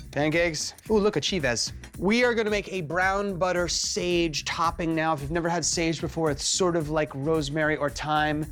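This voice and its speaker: A man hosting a cooking show, playful and theatrical, joking as he cooks and swinging between high exclaims and low asides. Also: fairly bright tone. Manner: theatrical, jokey, big swings in pitch. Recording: light background music.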